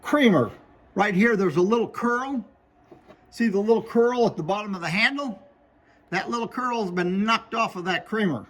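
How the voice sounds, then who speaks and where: A man's voice: high-pitched, moderate pace. A man showing glass pieces for sale, listing names, flaws and prices in a plain, matter-of-fact way. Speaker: glass seller. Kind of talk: product showcase sales talk.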